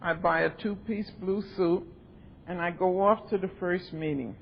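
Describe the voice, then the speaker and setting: A woman's voice: fairly even intonation, measured pace, vocal fry. An older woman speaking at a recovery convention, telling her story with animation and acting out the voices of others, on a dull old tape. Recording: dull lo-fi tape with faint rumble.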